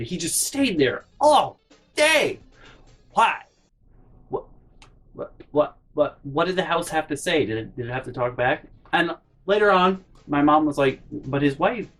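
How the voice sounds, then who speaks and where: A man telling a funny story in a casual vlog, animated and sarcastic. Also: a little high. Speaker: YouTuber. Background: faint background music.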